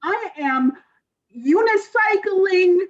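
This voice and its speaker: A woman playing an improv comedy game, quick and giggly. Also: extremely high pitch, expressive, highs cut off. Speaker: improv player.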